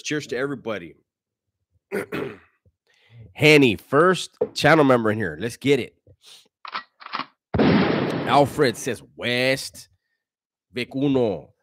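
A man's voice: medium pitch, no room sound. A man hosting a casual live stream, reading viewer comments aloud in a laid-back, slangy way and chuckling often.

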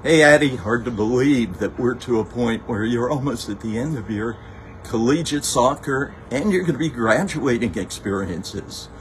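A man giving a measured, fatherly congratulations in a recorded video message. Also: medium pitch, animated, a little hiss or hum, poor audio.

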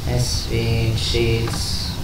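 A man's voice: mid-range voice, completely flat delivery, drawn-out words, roomy sound, recorded from a distance, heavy background noise. A man giving let's play commentary, cursing and groaning frantically while he plays. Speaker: gameplay commentator.

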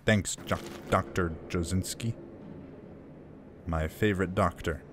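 A man's voice: low voice, measured pace, husky. A man casually commenting on a horror game he is playing, joking and reading in-game notes aloud. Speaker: let's play gamer. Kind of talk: gameplay commentary.

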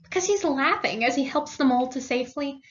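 A woman's voice: high-pitched, a little fast. A woman teacher reading a storybook aloud to her class and explaining it with questions. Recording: dull lo-fi recording.

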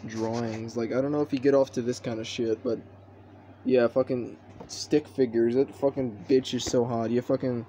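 A man's voice: medium pitch, flat delivery, normal speed, warm tone, muffled recording, a little hiss or hum. A man telling a story in a vlog, rambling and swearing constantly. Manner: profane, rambling.

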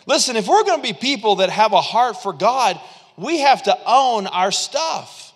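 A man preaching a sermon as pastor, animated and acting out quotes with frequent chuckles. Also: sits high, measured pace, pauses often. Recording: long hall reverb.

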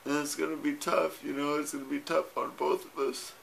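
Gravelly tearful man's video message. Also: on the high side, flat delivery, fairly quick, a little hiss or hum. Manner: rambling, tender, with loose fillers and swearing. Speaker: husband saying goodbye. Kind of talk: personal video message to camera. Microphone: self-recorded camera.

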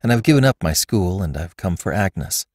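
A man's voice: low-pitched, expressive, moderate pace, darkish tone, no room sound, studio quality. A man voicing a plain-spoken spinster schoolteacher who talks curtly and matter-of-factly. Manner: curt and matter-of-fact.

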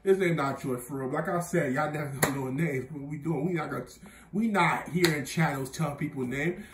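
A man's voice: a little high, a little fast, very noisy. A young man casually telling a personal story, rambling with lots of fillers and often laughing at himself. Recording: roomy sound, mic at a distance, faint music.

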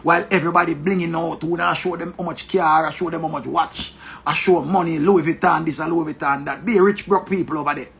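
A man with a Jamaican accent giving animated, joking commentary and repeating his phrases. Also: on the high side, fast, vocal fry, husky. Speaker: social media commentator. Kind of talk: casual commentary.

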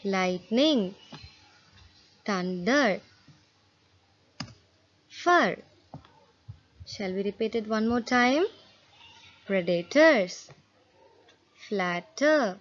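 Woman, English teacher, very slow classroom reading, encouraging, dull lo-fi sound. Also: medium pitch, animated. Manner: encouraging, asks pupils to repeat words after her.

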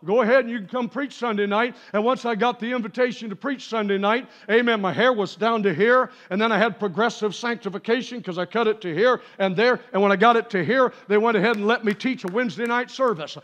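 A man preaching a sermon in a church, telling a story, dropping to quiet asides and rising to shouted peaks. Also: high voice, fast, few pauses, lo-fi sound. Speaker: pastor. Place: church sanctuary.

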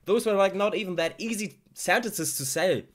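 A man's voice: high-pitched, normal speed. A German man hosting a reaction video, gushing over clips and explaining how words are pronounced. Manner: gushing, exclamatory, explains pronunciation. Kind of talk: excited reaction commentary.

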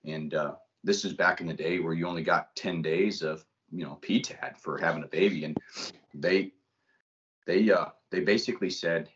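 A man in his thirties, a Marine father and podcast guest, telling a personal story in a halting, emotional way with many restarts. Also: sits low, fairly bright tone, dull audio.

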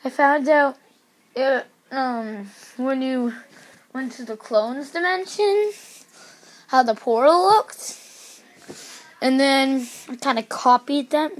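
A woman telling a plush toy story in a rambling, excitable way, full of fillers and sudden shrieks. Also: slow pace, long pauses. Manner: excitable, breaks into shrill screams.

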